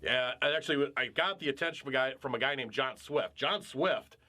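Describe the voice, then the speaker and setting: Bright-voiced man telling a heated story. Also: medium pitch, fairly quick. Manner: animated, profane storytelling. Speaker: podcast co-host. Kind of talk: casual chat.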